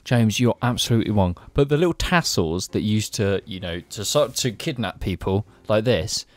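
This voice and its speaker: A man's voice: on the low side, animated, moderate pace. Rambling, self-mocking male podcast co-host. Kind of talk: casual chat among friends.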